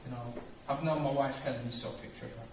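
A man preaching a sermon, acting out dialogue and swinging from quiet reflection to loud, animated storytelling. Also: mid-range voice, fast talker. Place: church hall. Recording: echoey hall, distant mic, noisy.

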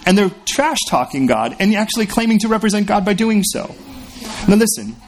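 A man's voice: sits high, big pitch swings, fairly quick, slight background noise. A man preaching a sermon in a conversational, storytelling way, acting out the voices in his anecdotes. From California. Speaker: pastor.

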